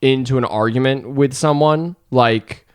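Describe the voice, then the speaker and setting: A man's voice: mid-range voice, a little slow, smooth. A man in his thirties, a comedian guest, telling a story in casual chat, rambling and self-deprecating, filling his talk with "like". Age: 30s.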